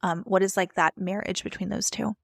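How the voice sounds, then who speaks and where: Woman podcast host, gravelly voice, dry close sound, casual chatty questions. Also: medium pitch, fairly even intonation, brisk, no echo. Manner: conversational, restarts her questions often. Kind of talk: casual interview chat.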